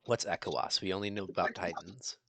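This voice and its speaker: Halting low-voiced man running a game. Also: fairly bright tone. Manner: halting, full of "you know" fillers. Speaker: game master. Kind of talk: narrating a tabletop game.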